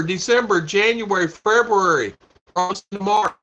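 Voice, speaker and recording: Male vlog host chatting to a live chat, bright tense tone, rambles and repeats, muffled stream sound. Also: a little high, lively intonation, normal speed, long pauses. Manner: rambling, repeats himself, laughs a lot. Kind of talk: casual livestream chat. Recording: dull lo-fi stream audio.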